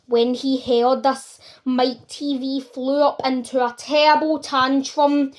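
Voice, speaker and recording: High-voiced woman reading a storybook. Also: takes it slowly, hardly any pauses. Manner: expressive storytelling. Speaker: reader. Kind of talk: reading a children's novel aloud.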